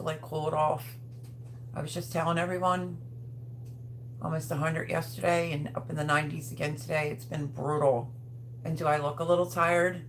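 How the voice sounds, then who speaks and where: A woman's voice: fairly low pitch, a little hiss or hum. A middle-aged woman chatting casually on her home livestream, reading viewer comments aloud in a rambling way with many ums. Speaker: livestream host.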